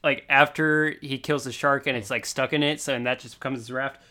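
A man's voice: medium pitch, fairly quick. A man co-hosting a casual podcast, adding short comments and his own takes on a comic book. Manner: relaxed, adds short agreeing comments. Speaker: podcast co-host.

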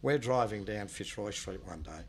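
Aussie bloke, lowish voice, rambling storytelling w lots of restarts, bit of hiss behind. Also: male voice, animated, moderate pace. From Australia. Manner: rambling, many restarts, low and subdued when recalling loss. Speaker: guest telling his life story. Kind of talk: casual spoken storytelling.

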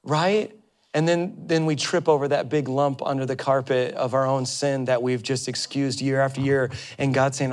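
A male pastor preaching a sermon to his congregation in an animated way, acting out quoted voices and sometimes laughing with the crowd. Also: on the high side, moderate pace. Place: church before a congregation.

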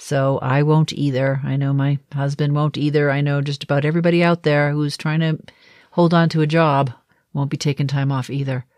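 A woman's voice: low voice, flat delivery, moderate pace, a little mellow, no room sound. Middle-aged lady with a slight boston accent, chatty daily vlog, laughs a lot, dry close mic. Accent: Boston, mostly softened. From Boston area, Massachusetts. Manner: chatty, frequent light laughs. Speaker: video diarist. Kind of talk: casual daily video diary.

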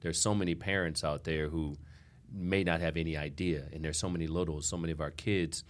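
A man hosting a podcast interview, asking questions in a measured, earnest way. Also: extremely low pitch, steady tone. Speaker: podcast host.

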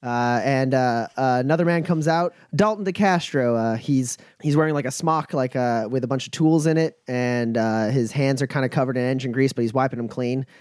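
A man narrating a tabletop game as game master, halting with many fillers. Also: medium pitch, a little mellow, clear, resonant tone, no echo, studio quality.

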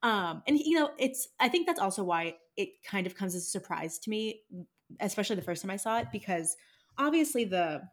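A young woman co-hosting a podcast in casual chat, thoughtful and measured as she reflects. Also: mid-range voice, sing-song. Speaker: podcast co-host.

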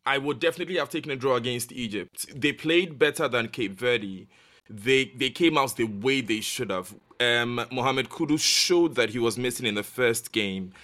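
A man's voice: medium pitch, moderate pace, pushed and bright. A man discussing football results as a pundit on a podcast, then reading scores in a commentator's manner.

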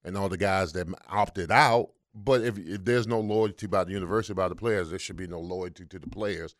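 Male sports-talk co-host, very low voice, blunt. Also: fairly quick, no echo, studio quality. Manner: blunt, dismissive. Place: radio studio.

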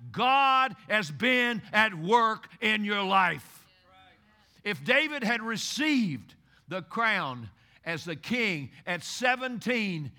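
A Kentucky pastor delivers a sermon in a high, ringing voice, rising to loud, urgent exhortation before dropping into a hushed, intimate tone. He hammers home key phrases by repeating them.

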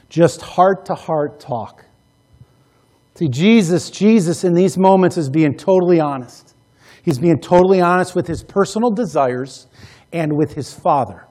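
A male pastor preaching a sermon, emphatic, repeating key phrases and swinging between loud passages and hushed ones. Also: a little high.

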